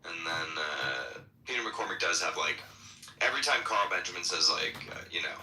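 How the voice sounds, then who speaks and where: A man's voice: low-pitched, lively intonation, normal speed, pushed and bright. A man co-hosting a podcast in casual chat, swearing casually and laughing often. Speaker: podcast co-host. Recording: roomy echo, faint noise.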